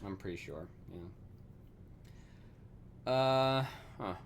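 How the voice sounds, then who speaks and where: Slow, rambling man coding on stream. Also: mid-range voice, lively intonation, slight background noise. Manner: thinks aloud, rambling with fillers and self-corrections; swears casually and laughs at himself. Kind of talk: casual live coding stream talk.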